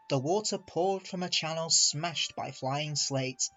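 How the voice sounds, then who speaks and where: A man reading a children's railway storybook aloud in a measured, expressive way. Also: fairly high pitch, dull audio. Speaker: reader. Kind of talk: storybook narration.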